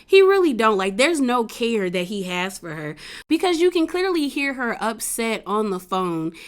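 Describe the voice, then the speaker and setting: A woman's voice: fairly high pitch, measured pace. Chatty woman doing a slangy TV recap. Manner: chatty, slangy, animated storytelling. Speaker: reality TV recap vlogger. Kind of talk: casual recap commentary.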